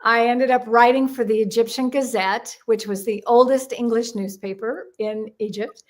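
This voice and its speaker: Lively older woman telling stories. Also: fairly high pitch, moderate pace. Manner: animated storyteller who acts out quoted dialogue. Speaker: guest numerologist. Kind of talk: casual storytelling interview.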